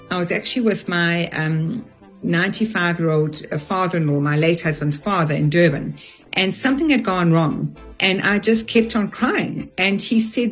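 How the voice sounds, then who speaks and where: A woman's voice: on the low side, slightly rough. An older woman from South Africa, a guest on a radio show, giving earnest, direct advice. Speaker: resilience speaker, radio guest. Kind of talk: radio interview, advice talk. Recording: dull lo-fi radio audio, faint music.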